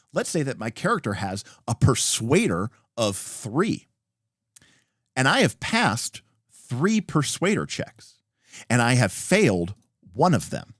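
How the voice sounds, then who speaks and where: A lively man walks through tabletop game rules on a livestream. His pitch swings widely as he acts out bits of example dialogue between lots of fillers. The sound is close and dry. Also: no echo. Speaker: host explaining game rules. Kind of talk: casual rules explanation on a livestream.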